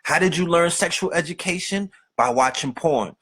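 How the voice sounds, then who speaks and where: Husky profane man ranting. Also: a little high, normal speed, fairly bright tone. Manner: profane, streetwise, rants with rhetorical questions. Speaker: podcast host. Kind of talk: unscripted monologue.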